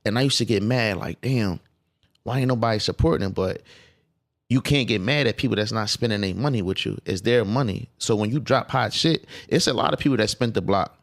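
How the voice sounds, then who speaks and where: A man's voice: fairly low pitch, a little fast. A man talking as a guest on a podcast, casual and emphatic, with profane streetwise phrasing. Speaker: clothing designer guest.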